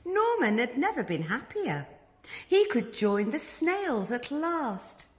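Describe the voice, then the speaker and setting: A woman reading a children's story aloud as a storyteller, expressive and animated. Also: sits high, slow pace.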